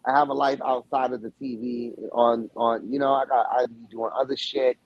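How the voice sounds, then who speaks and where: A man's voice: medium pitch, level tone, normal speed, dry recording, muffled recording. A man with a Boston accent talking casually as a guest, rambling with lots of swearing and restarts. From Boston area. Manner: loose, rambling, heavy swearing, many restarts. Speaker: guest, former reality show cast member. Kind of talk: casual profane chat.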